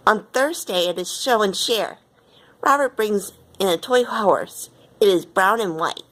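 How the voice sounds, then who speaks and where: A woman reading a children's picture book aloud in an expressive way. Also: medium pitch, a little slow. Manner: expressive, with lively quoted lines. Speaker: storyteller.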